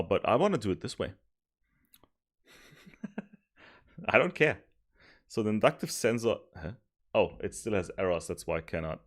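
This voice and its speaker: A low-voiced man streams himself coding a simulation tool, thinking aloud in casual commentary. He's self-mocking and breaks into bursts of excited yelling and laughter.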